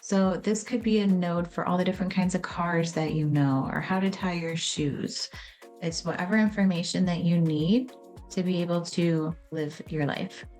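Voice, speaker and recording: A woman with a fairly low voice talks through how the brain stores memories. Her tone is casual and conversational, and she slips into acted-out moments to make her points. Soft music sits faintly underneath. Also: steady tone, normal speed. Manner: casual, conversational, acts out little scenes. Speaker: educator explaining memory and trauma. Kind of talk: explanatory video talk.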